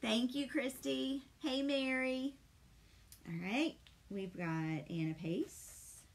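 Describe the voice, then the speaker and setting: Chatty woman with gravelly voice. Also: high-pitched, slow pace. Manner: chatty, greets viewers while painting. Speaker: painting instructor. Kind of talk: live-streamed craft session.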